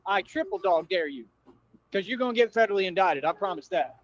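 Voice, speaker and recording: High-voiced man ranting on a livestream. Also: lively intonation, quick pace, dry recording. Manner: confrontational, slangy, repetitive ranting at viewers. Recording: dull dry livestream audio.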